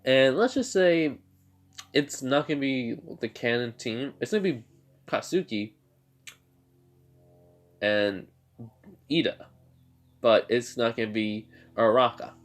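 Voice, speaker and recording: A man casually retelling his own fan-made story, rambling and halting with lots of fillers and restarts. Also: medium pitch, animated.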